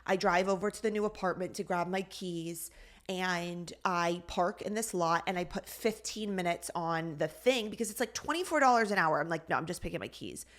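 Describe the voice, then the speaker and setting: A woman co-hosting a podcast, telling a long, frustrating story in a lively, exasperated way. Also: fairly low pitch, moderate pace. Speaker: podcast co-host. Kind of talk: casual storytelling chat.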